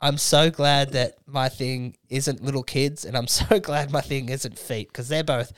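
A man's voice: medium pitch, steady tone, a little slow, fairly bright tone, no room sound. A man hosting a podcast, telling crude stories with lots of swearing and laughter. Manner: storytelling, laughs at own jokes, swears. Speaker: podcast host. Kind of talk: crude casual banter.

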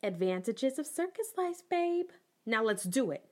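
A woman's voice: high-pitched, sing-song, unhurried. A woman playing a tough, wry young circus performer who speaks bluntly.

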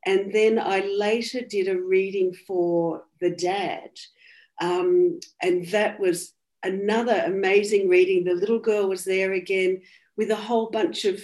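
An Australian woman, a medium, earnestly retelling a reading in an interview and quoting what was said. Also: mid-range voice. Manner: earnest, soft-spoken retelling with quoted dialogue. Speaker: medium, guest. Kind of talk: personal storytelling in interview.

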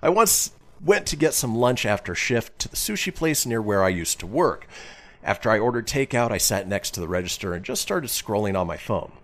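A man's voice: lowish voice, big pitch swings, fairly quick. A male radio host chatting casually and reading listener messages aloud with a jokey manner.

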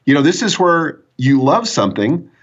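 Man, business coach, husky voice, animated storytelling, muffled sound. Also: fairly high pitch, normal speed. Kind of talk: conversational storytelling.

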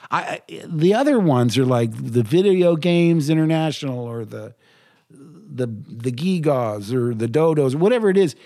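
An older man, a voice actor, telling lively anecdotes in an interview. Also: mid-range voice. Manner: animated anecdotes, quotes himself in lively voices. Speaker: voice actor guest. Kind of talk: interview storytelling.

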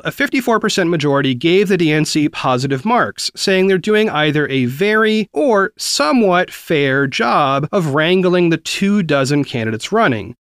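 A man's voice: a little high, a bit bright, clean tone, dry recording, clean studio sound. A man in his forties from the American South, hosting a news podcast where he reads quotes aloud and then explains them in a conversational way. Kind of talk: reading and commenting on news.

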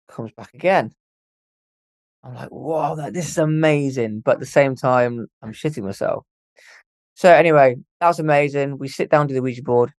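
A young man appears as a podcast guest and tells a ghost story in a casual way, his voice a little high with no echo. He's animated, swears freely, and acts out what people said.

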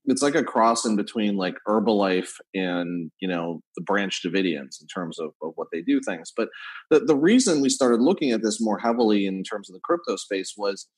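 Man, podcast guest, husky voice, low, rambling, restarts. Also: lively intonation, rough recording. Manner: fast-talking, digressive, many restarts. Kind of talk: casual podcast interview. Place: London.

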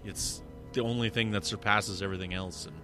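A man's voice: on the low side, steady tone, brisk, over music. A man guesting on a podcast, talking enthusiastically and casually with many fillers during a commentary. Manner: enthusiastic, talks with many fillers like "you know" and "right".

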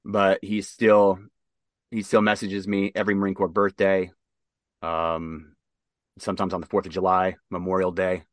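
Dry-voiced man telling a halting story. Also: low voice, little pitch movement, no echo. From Nebraska. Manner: halting, many fillers and restarts. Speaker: interview guest, military veteran. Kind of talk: casual spoken storytelling.

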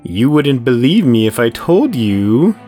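A man voicing a creepy, demon-possessed man who speaks in a teasing, drawn-out sing-song. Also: medium pitch, very animated, soft background music, voice pushed up. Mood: gleeful menace.

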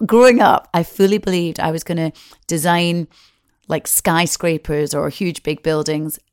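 Chatty Glaswegian woman, low voice. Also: steady tone, a little slow, a little mellow, no echo, clean studio sound. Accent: Glaswegian Scottish. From Scotland. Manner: chatty, rambling, self-deprecating. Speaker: presenter being interviewed. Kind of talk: casual interview chat.

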